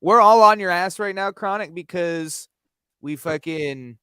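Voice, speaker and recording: A man's voice: high voice, a little slow, a crowd in the background. A man co-hosting a livestream, speaking bluntly and with profanity in support of the host. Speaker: guest co-host. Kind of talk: casual livestream chat.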